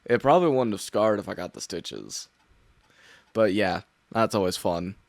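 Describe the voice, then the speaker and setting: A man's voice: fairly low pitch, normal speed, vocal fry, dry recording. Young guy streamer playing a horror game, swears a lot, rambles with "like", dry close mic. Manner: rambling, swears, heavy filler words. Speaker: gaming streamer. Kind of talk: casual let's-play commentary.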